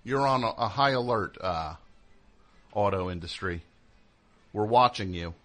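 His voice is lowish and fairly bright, a little slow but animated, as he hosts a radio show from a studio mic. The talk is a loose, joking monologue where he keeps breaking into his own sentences.

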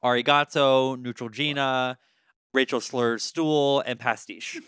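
A man's voice: medium pitch, fairly even intonation, a little slow, a bit bright, clear, resonant tone, dry recording, clean studio sound. A man appearing as a podcast guest, chatting casually and joking with plenty of fillers. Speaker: guest, drag performer. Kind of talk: casual chat.

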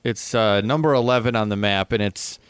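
A man's voice: lowish voice, brisk, clear, resonant tone, dry recording. A man co-hosting a casual comedy podcast over a video call, hesitant and wry, often restarting his sentences. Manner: hesitant, wry, self-interrupting. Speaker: podcast co-host.

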